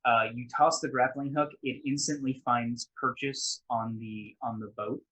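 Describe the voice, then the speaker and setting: Husky-voiced man running a tabletop game. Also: mid-range voice, steady tone, measured pace, a bit bright, poor audio. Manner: casual, loose narration full of "like" and restarts. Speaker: game master.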